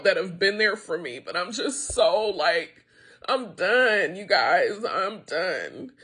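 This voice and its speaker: Upset woman venting, bright voice. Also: mid-range voice, slightly rough. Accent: American. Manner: upset, frustrated, venting with profanity. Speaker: wine tasting room owner. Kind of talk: emotional direct-to-camera rant.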